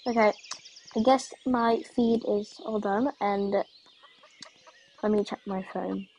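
Slow-talking, chatty young-sounding woman vlogger. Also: medium pitch, fairly even intonation, slight background noise. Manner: chatty, rambling, trails off into soft asides. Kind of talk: casual vlog chat.

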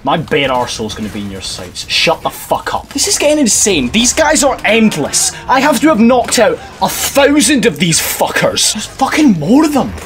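Sarcastic man's lively game commentary. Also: high voice, normal speed, hardly any pauses, soft background music. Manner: sarcastic, profane, laughs often. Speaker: gaming video creator. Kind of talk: let's-play commentary.

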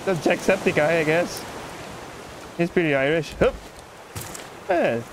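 Gaming YouTuber, male, high lively voice with a fake Irish lilt, hollers and cusses at the game over noisy audio. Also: normal speed, pauses often. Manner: jokey put-on Irish lilt; excitable, swearing, yelling at the game. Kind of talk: let's play commentary.

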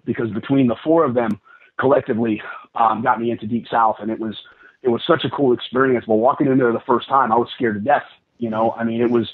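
A man talks at a brisk clip, rambling through stories and slipping into voices for the people in them. His voice is a little husky and middle-pitched. It comes through thin and tinny, like a phone call. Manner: rambling, quick, lively with acted-out dialogue. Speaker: guest, pro wrestler. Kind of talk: casual storytelling on a podcast. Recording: tinny phone-line sound.

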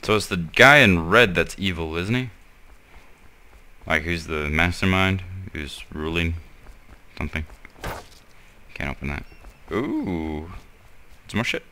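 Deep-voiced young man sarcastically commenting gameplay. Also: animated, slow, long pauses, sharp tone, slight background noise. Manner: sarcastic, mutters and swears at the game. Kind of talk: casual let's-play commentary.

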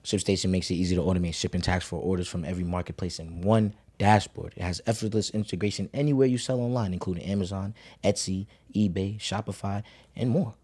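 A man's voice: deep voice, steady tone, fast, darkish tone, slightly rough. A man co-hosting a podcast, reading a sponsor spot in a loose, slangy way. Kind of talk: casual ad read.

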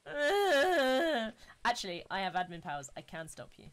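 An English woman hosting a casual multiplayer game stream, giggly and playful, often dropping into quiet asides. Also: on the high side, big pitch swings, normal speed. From England. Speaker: streamer and server host. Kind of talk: casual gaming chat.

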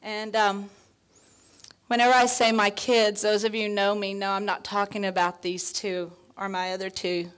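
A woman in her fifties giving a heartfelt, near-tearful award acceptance speech, full of thanks, fillers and soft laughs. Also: mid-range voice, little pitch movement, moderate pace, clean tone. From Texas. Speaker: award honoree.

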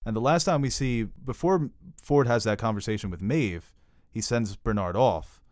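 A man's voice: lowish voice, moderate pace, a little mellow, no echo, clean studio sound. A man co-hosting a casual podcast, eagerly laying out long fan theories. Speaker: podcast co-host. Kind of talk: casual chat.

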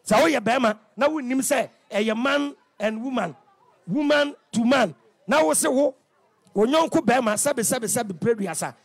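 High raspy Ghanaian man preaching loudly. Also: moderate pace. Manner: animated, sing-song and shouting, acts out market scenes. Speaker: radio talk show host. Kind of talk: lively preaching on radio, mixing local language with English. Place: radio studio.

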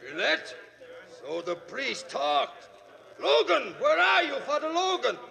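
A bitter, mocking murderer sneers from a cornered ballroom. His voice sits very high, with a gravelly edge and a bright, hard tone. A long reverb trails every line. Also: sing-song, slow, heavily acted. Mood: sneering. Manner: sneering, taunting. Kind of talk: 1940s radio acting.

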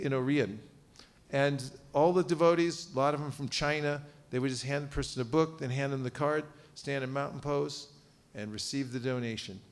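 A man leading a lively seminar for a live audience, playful and animated, getting the room to repeat phrases after him. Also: medium pitch. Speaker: seminar teacher on book distribution. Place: seminar room at a cultural center.

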